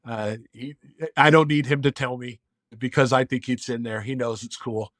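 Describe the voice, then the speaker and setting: A man's voice: medium pitch, moderate pace, no echo, clean studio sound. A man in his fifties, a podcast guest, telling reflective family stories in casual conversation. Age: 50s. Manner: earnest storyteller, warm and reflective.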